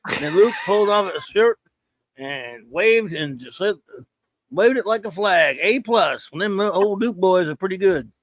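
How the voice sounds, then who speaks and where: A man's voice: sits high, animated, measured pace, dry recording. A man hosting a casual live-stream review, rambling and joking as he reads viewer chat aloud. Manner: rambling, joking, stumbles over words. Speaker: show host reading viewer chat.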